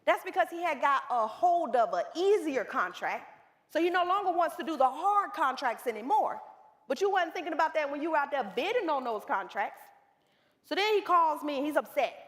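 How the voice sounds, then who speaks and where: A woman's voice: sits high, normal speed. A woman business coach giving a seminar talk, telling stories and speaking straight to the audience. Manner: animated storytelling, addresses the room directly. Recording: reverberant hall.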